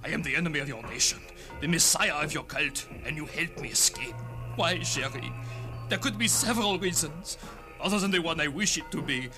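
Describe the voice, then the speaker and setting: A man's voice: fairly high pitch, lively intonation, a little fast, natural voice. Young pilot, played by a man: earnest, bewildered, music underneath. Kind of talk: radio drama acting.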